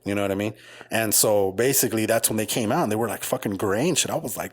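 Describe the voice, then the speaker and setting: A man co-hosting a podcast, telling long, profanity-laced stories in casual chat and mimicking other people in high voices. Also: fast talker. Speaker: podcast co-host.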